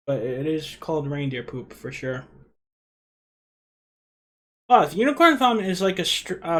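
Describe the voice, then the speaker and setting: A young man from Rhode Island with a Rhode Island accent, hosting a casual livestream and chatting with viewers in a rambling way. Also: mid-range voice. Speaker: livestream host.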